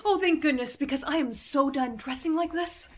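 A woman's voice: sits high, normal speed, natural voice, poor audio. A woman playing a spoiled, whiny teen girl. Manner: bossy, whiny and theatrical. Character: spoiled teenage girl, dramatic and demanding. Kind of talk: short comedy skit acting.

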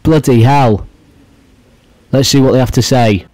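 A man's voice: mid-range voice, steady tone, a little slow, darkish tone. A young man giving crude, mocking reaction commentary on news clips. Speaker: commentary YouTuber.

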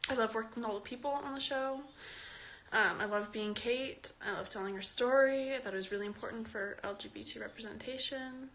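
Answering fans on a phone live stream with the phone at arm's length, a young Canadian actress of fourteen reads their questions aloud, giggling and chatting casually. She speaks fairly quickly in a slightly high, fairly bright voice.

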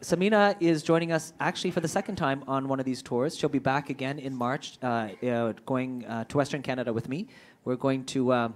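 A man's voice: mid-range voice, fairly even intonation, brisk. A man moderating a trade forum, introducing speakers in a loose, joking way with many fillers. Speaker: event moderator.

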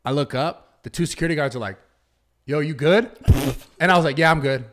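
A young man hosting a podcast, telling a story in rambling, excitable casual chat and acting out the quotes. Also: fairly high pitch, rapid-fire. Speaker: podcast host.

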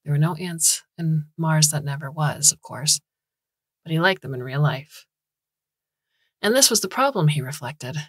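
A woman narrating a science fiction short story in a calm, even storytelling manner. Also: low-pitched, normal speed, long pauses, dry recording. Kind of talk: scripted audiobook narration.

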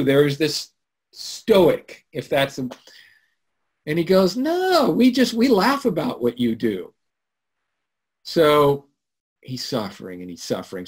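Man, webinar host, husky, fairly high-pitched, animated storytelling. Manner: animated storytelling, swinging from loud to hushed. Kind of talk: live webinar talk. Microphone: computer mic on a video call.

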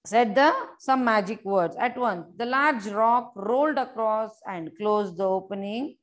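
With a mid-range voice, a woman teacher reads aloud a little slowly and with hardly any pauses. She addresses the young children directly, repeating each word of the story and explaining it in simple terms.

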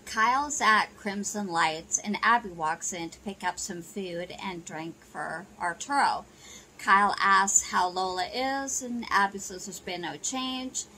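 A woman's voice: medium pitch, measured pace, sharp tone, a little hiss or hum, poor audio. A woman casually retelling a soap opera episode, chatty and loose with "you know" and "she goes". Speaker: soap opera recap narrator. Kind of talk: casual plot recap narration.

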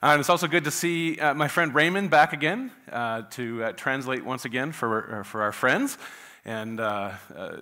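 A man's voice: medium pitch, normal speed, sharp tone. A man preaching to his church, folksy and chatty, with many filler uhs. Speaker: pastor. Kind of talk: sermon with a joke opener. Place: church sanctuary.

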